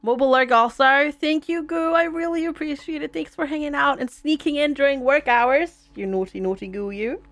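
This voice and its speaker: A woman's voice: high-pitched, fairly even intonation, moderate pace, hardly any pauses, fairly bright tone. A woman streaming a video game, chatting casually with viewers, giggly and reading game text aloud. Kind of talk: casual let's-play chat.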